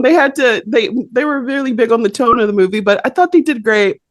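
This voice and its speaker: Animated high-voiced woman. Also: brisk, no echo, studio quality. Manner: animated storytelling, laughs often. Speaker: podcast co-host. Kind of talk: casual chat.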